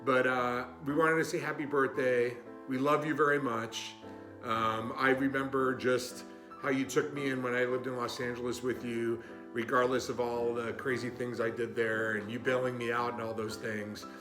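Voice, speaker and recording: A man recording a heartfelt birthday message to his aunt, warm and grateful, with a few fillers. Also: medium pitch, little pitch movement, normal speed. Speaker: nephew sending birthday wishes. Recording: roomy recording with music.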